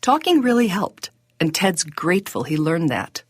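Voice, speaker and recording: A woman, the podcast host, giving measured, reflective scripted narration. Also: on the low side, very animated, slightly rough, no echo, clean studio sound.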